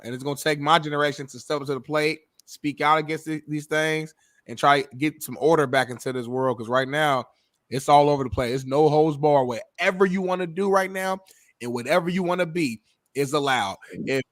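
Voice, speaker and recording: A man's voice: fairly high pitch, a bit bright, dry recording, studio quality. A man co-hosting a talk show, talking in a preachy, emphatic, slangy way. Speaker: co-host. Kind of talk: casual talk-show chat.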